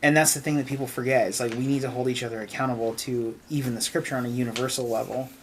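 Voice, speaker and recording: A man leads a relaxed group conversation as the youth leader, speaking thoughtfully and guiding the others. His voice sits at an ordinary pitch. A faint hiss runs under the recording. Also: racing. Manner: thoughtful, steers the talk. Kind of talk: casual group discussion.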